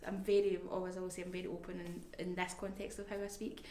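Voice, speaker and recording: A woman, talking candidly in an interview about caring for a family member, speaking reflectively and haltingly, at times dropping to a near-whisper. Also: on the low side, flat delivery, warm tone. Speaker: family carer. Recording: echoey room, faint background noise.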